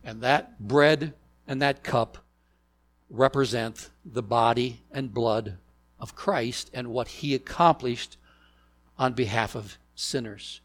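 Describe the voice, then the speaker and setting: A man preaching a sermon, deliberate and emphatic, asking the congregation rhetorical questions. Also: medium pitch. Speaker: pastor.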